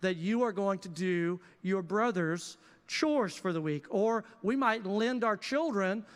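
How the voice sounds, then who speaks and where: A man pastor preaching a sermon in a lively, conversational way with casual asides. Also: sits high, unhurried. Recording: reverberant church hall.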